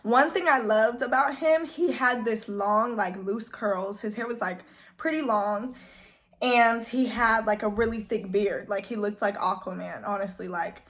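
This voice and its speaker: A woman's voice: mid-range voice, measured pace, fairly bright tone. A young woman telling a casual storytime, chatty and full of "like,". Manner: chatty, heavy use of "like". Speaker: vlogger.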